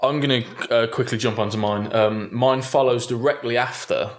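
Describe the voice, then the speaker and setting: A man's voice: mid-range voice, steady tone. A British man on a gaming podcast, telling a story in casual chat with plenty of laughter. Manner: laughing storyteller, quick asides. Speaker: podcast host.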